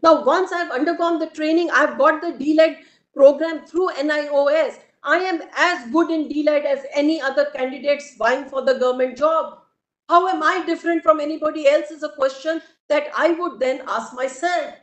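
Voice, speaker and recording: A woman, arguing formally before a court in a measured, emphatic way. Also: high-pitched. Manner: measured, emphatic, addresses the bench repeatedly. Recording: echoey courtroom audio.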